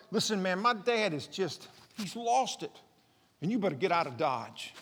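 A man preaching a sermon, retelling scripture in casual everyday dialogue with dramatic swings between loud and quiet. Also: high voice. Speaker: pastor. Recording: reverberant hall.

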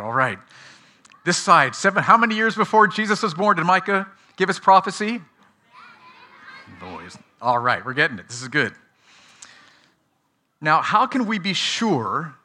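A man delivers a children's sermon in a bright, forceful voice that sits a little high for a man. He quizzes the young listeners and praises their answers. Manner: asks the audience questions and praises answers. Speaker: pastor teaching children.

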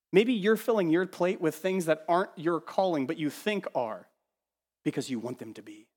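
A man preaching a sermon as pastor, animated, sometimes mimicking the voices he quotes and dropping to a hush. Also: mid-range voice, big-room sound. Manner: animated, acts out quoted voices, swings from loud to hushed. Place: church sanctuary.

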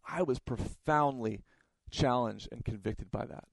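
A man's voice: medium pitch, unhurried, creaky, hardly any pauses, no room sound, poor audio. A man preaching a sermon, telling stories and often repeating his words as he goes. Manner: storytelling, stumbles and repeats words. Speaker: pastor.

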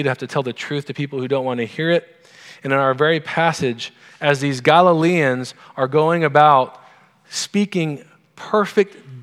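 A male pastor preaching an informal, conversational sermon, asking his congregation questions as he goes. His voice sits at an ordinary pitch. The sound carries a long reverb from a church hall. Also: fairly bright tone.

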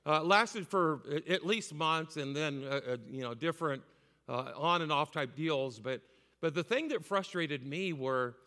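A man's voice: fairly high pitch, a little slow, bright, forceful tone. A man preaching a sermon as pastor, impassioned and repetitive, with frequent "uh" fillers, in a church. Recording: long hall reverb.

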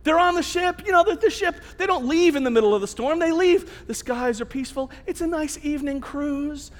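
A man preaching a sermon as a pastor, telling the story in an animated, conversational way. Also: very high voice, brisk, long reverb tail.

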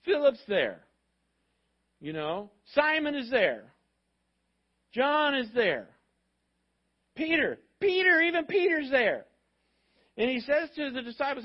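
Animated high-voiced male preacher. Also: a little slow, pauses often, highs cut off. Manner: animated storytelling preacher, conversational. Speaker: pastor. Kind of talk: sermon.

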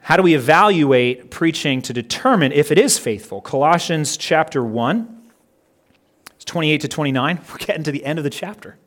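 A man preaching a sermon in a slightly high, earnest voice. He slows down and hits each phrase in a list with weight. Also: lively intonation. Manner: earnest, slows down and stresses items in lists. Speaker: pastor.

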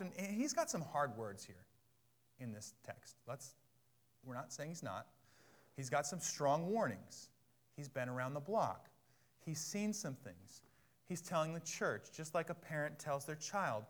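A male pastor preaching a sermon in a conversational teaching manner, repeating phrases and building to loud, emphatic passages. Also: medium pitch, brisk.

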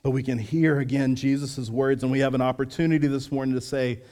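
A man in his thirties preaching a sermon as pastor, earnest and measured, sometimes dropping to a soft, quiet delivery. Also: mid-range voice, fairly even intonation. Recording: long hall reverb.

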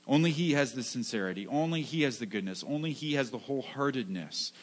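A pastor delivers a sermon in an earnest, conversational way. He is a man with a middle-pitched voice who repeats key phrases, restarts his sentences and keeps checking in with a quick "right?". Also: expressive. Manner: earnest, repetitive, many restarts and rhetorical "right?".

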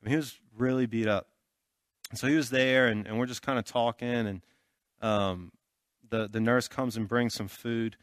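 A man's voice: medium pitch, steady tone, moderate pace, clean tone, no echo. Man preaching in a dry, close sound. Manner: conversational, loose storytelling with many fillers; checks in with listeners often. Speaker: pastor. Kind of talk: sermon with a personal story.

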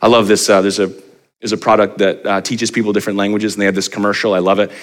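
A man in his forties, a pastor delivering a sermon, animated and often putting rhetorical questions to the congregation. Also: fast. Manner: animated, pitch rising for emphasis, asks the crowd rhetorical questions.

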